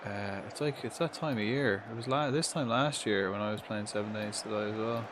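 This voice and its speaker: A young man with a fairly low voice, talking casually through a live game stream. He mutters half-finished thoughts, swears when things go wrong and chats back to his viewers. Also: steady tone, brisk, noisy background.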